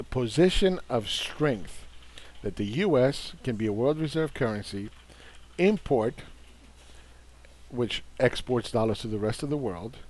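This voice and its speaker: A man talks through a market overview with a combative, dismissive edge. His voice sits at an ordinary middle pitch. He leans on repeated words to drive his points home. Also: darkish tone. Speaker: investing commentator. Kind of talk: casual market commentary.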